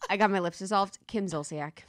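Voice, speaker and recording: A woman's voice: mid-range voice, fairly quick, dry recording. A young woman from Ohio hosting a podcast, chatting casually and animatedly, swearing and laughing often. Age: young adult. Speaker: podcast host. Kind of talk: casual chat.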